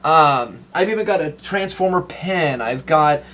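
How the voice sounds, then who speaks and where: A man, chatting excitedly in an interview about his collection, rambling and laughing often. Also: on the high side, measured pace, slight background noise. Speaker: interview guest, toy collector. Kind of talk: casual interview chat.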